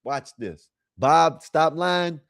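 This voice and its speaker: A man's voice: on the high side, animated, drawn-out words, vocal fry, no echo. Rambling man, dry close sound. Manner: rambling, talks straight to viewers. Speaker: livestream host. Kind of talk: casual livestream commentary.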